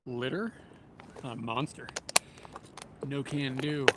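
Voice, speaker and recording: A man's voice: medium pitch, takes it slowly. A man livestreaming while walking outdoors in a city, chatting casually with viewers and chuckling often, recorded on a small camera-mounted mic. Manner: relaxed, rambling, chuckles often. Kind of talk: casual livestream chat, reading viewer comments. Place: outdoors in a city, near train tracks. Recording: outdoor street and train noise. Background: passing vehicles and trains.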